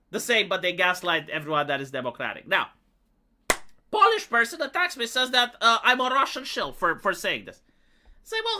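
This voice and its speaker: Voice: medium pitch, sharp tone. Sarcastic streamer ranting. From Romania. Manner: sarcastic, profane, heated. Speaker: live streamer. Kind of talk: ranting live-stream commentary.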